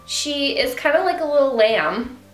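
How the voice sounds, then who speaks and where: A young woman chatting in a casual home vlog, gushing about her puppy and slipping into high baby talk. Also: sing-song, moderate pace, reverberant, faint music behind. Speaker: beauty vlogger. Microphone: camera with ring light.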